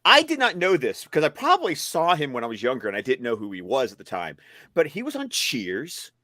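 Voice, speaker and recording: A man co-hosting a casual chat, animated and restarting his sentences in bursts. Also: medium pitch, brisk, no echo, clean studio sound. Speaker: stream co-host.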